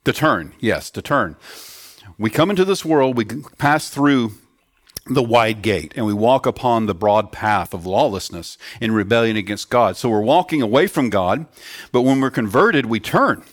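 A man's voice: medium pitch, animated, moderate pace, no echo, clean studio sound. A man preaching a sermon to children and adults in an earnest teaching tone, putting questions to the children. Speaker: pastor.

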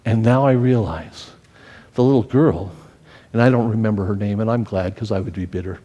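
A man's voice: fairly low pitch, normal speed, dark tone, big-room sound, lo-fi sound. A male pastor preaching a sermon, telling a personal story with feeling and often repeating and restarting his phrases.

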